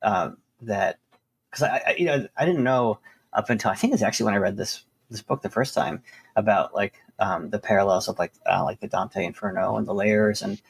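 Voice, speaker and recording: Gravelly, husky male co-host. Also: lowish voice, brisk. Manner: rambling, full of fillers and restarts. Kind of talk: casual interview conversation.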